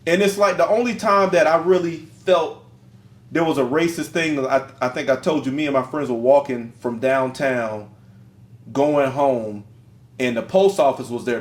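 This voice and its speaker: Animated storytelling man, roomy sound. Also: mid-range voice. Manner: animated storyteller, slangy and emphatic. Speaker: podcast co-host. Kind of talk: casual conversation. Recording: roomy echo.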